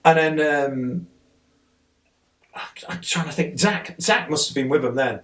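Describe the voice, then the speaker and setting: A man guesting on a podcast tells an excited, rambling story in casual conversation, sitting some way off the mic. His voice is a little high and unhurried.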